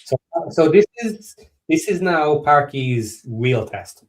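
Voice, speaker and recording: A man's voice: on the high side, big pitch swings, slow. A man co-hosting a casual fan podcast, talking football in an earnest, analytical way and repeating words as he thinks. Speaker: podcast co-host.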